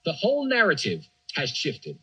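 A man's voice: on the high side, huge pitch swings, normal speed, a bit bright, breathy edge, poor audio. A man speaking emphatically as a podcast guest, often repeating words as he restarts. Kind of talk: animated conversational monologue.

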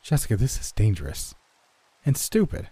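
A man's voice: medium pitch, huge pitch swings, normal speed, warm tone, breathy edge. A man voicing an earnest, anxious young man who is overly organized. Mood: worried.

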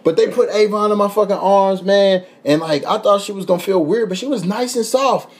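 A young man, a podcast host telling a profane, animated travel story in casual chat, laughing often. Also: high voice, fairly quick. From United States.

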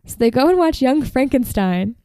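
A woman's voice: high-pitched, animated, normal speed, mellow, dry recording, studio quality. A woman casually telling a band's history on a podcast, chatty and profane, full of "like" and "um". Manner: chatty, profane, uses fillers like "like" and "um". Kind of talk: casual storytelling chat.

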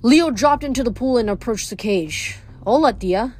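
A woman reading a novel aloud in a steady, expressive narration. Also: fairly high pitch, normal speed, soft background music. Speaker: audiobook reader.

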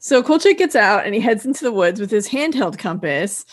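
A woman with a mid-range voice co-hosts a podcast, retelling a TV episode scene by scene. She keeps a steady storytelling flow, broken by wry remarks and brief laughs. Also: medium pitch. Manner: narrates plot steadily, with quick laughs and wry comments. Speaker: podcast co-host. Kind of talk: casual chat recapping a TV episode.

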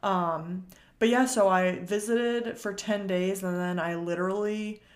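A woman's voice: mid-range voice, steady tone, measured pace. A woman in her twenties from Massachusetts, hosting her own podcast in a casual, chatty way, with lots of fillers and casual swearing. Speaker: podcast host. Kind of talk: casual solo podcast chat.

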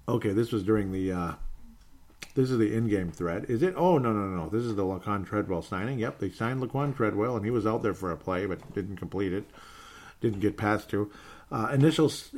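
A man's voice: fairly low pitch, a little mellow. Chatty man reading listener comments. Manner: chatty, reads comments aloud with frequent fillers and chuckles. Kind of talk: casual sports podcast chat.

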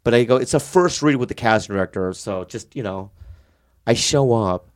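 A man's voice: medium pitch, expressive, normal speed. Man comedian on a podcast, stammers and restarts a lot, his voice swings way up and down as he tells it. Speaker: comedian guest. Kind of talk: casual podcast storytelling. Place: podcast studio.

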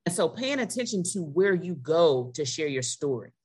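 A woman's voice: low voice, very animated, normal speed, a little mellow, husky. A woman hosting an interview as a leadership coach, affirming and often checking in with "right?". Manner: affirming, asks with repeated "right?".

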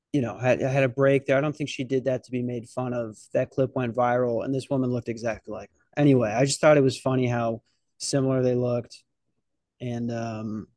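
A man's voice: mid-range voice, a little mellow, dry recording, clean studio sound. A man hosting a podcast, telling a rambling story about open mic comedy in a casual, profane way with lots of restarts. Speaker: podcast host and novice stand-up comic.

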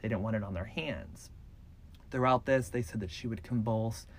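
A man's voice: on the low side, normal speed. A man hosting a podcast who retells a true-crime case in a loose, casual way, full of "like" and "so". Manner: loose, filler-heavy retelling with "like" and "so". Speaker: podcast host.

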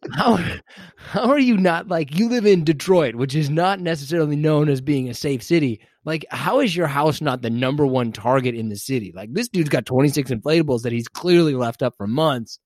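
A man's voice: fairly high pitch, animated, moderate pace, a little mellow, no echo. A man co-hosting a casual podcast, teasing and incredulous as he jokes. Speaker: podcast co-host.

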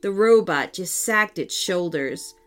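A woman storyteller narrating a children's story in an expressive, lilting way. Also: lowish voice, takes it slowly. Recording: soft background music.

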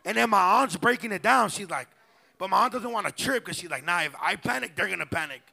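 High gravelly guy telling stories. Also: lively intonation, fast talker, sharp tone. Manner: slangy, profane, rambling. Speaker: podcast co-host. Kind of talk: storytelling on a live stage. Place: live pop-up show venue.

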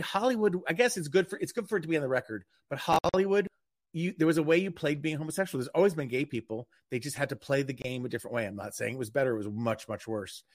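An older man co-hosting a radio talk show, chatting and gossiping in a self-deprecating way. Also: medium pitch. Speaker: podcast co-host. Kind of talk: casual chat.

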